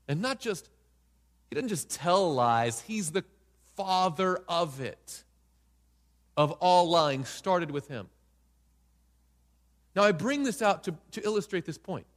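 Animated preacher in a reverberant hall. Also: male voice, high voice. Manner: dramatic, acts out voices in quotes, asks the audience questions. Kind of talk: sermon.

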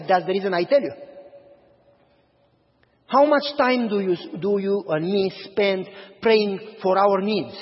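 Male pastor, husky and high, animated storyteller preaching in a church, dull lo-fi recording. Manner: animated storyteller, acts out dialogue. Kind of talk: sermon with storytelling. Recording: dull audio, long hall reverb.

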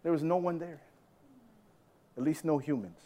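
Guy with a high voice giving a sermon to a church crowd, storytelling, gets loud then goes quiet. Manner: animated storytelling, quick swings from loud to hushed. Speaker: preacher. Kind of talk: sermon testimony.

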